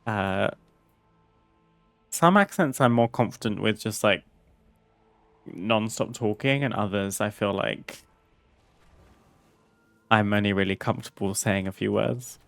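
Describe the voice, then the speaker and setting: A man's voice: lowish voice, a little slow, vocal fry, long pauses, a bit bright, no room sound, soft background music. A man streaming a video game, chatting casually with viewers, laughing often and reading game text aloud. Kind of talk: casual gameplay commentary.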